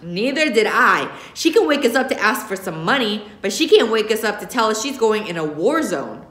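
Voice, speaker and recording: A woman reading an audiobook, voicing a middle-aged mother who scolds loudly and slowly. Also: medium pitch, very animated. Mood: stern. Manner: loud, slow, clipped scolding. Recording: roomy echo.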